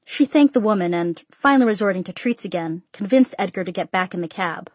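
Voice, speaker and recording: Breathy woman reading an audiobook. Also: medium pitch, expressive, brisk, darkish tone, no room sound. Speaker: narrator. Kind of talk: audiobook narration.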